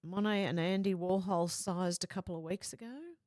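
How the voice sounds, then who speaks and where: A woman's voice: fairly low pitch, normal speed, no room sound, studio quality. A woman hosting a live stream, reading viewers' comments aloud and chatting back to them casually. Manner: chatty, reads comments in a flat running voice with asides.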